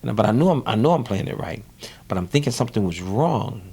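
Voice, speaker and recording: A man's voice: lowish voice, animated, fast talker, vocal fry, darkish tone, husky. A man with a New Orleans accent, a guest in an interview, telling his story with animation, repeating words and acting out the voices of others. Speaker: guest musician.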